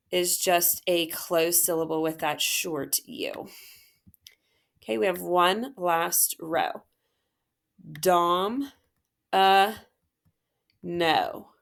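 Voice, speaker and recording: Woman teacher, low gravelly voice, slow and patient, phonics walkthrough. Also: fairly bright tone. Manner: patient, encouraging, sounds out words slowly.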